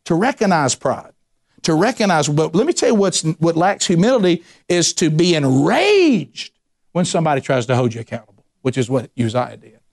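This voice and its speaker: Animated man preaching a sermon. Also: fairly high pitch, normal speed, vocal fry. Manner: animated preaching with frequent restarts and rising emphasis. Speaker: pastor.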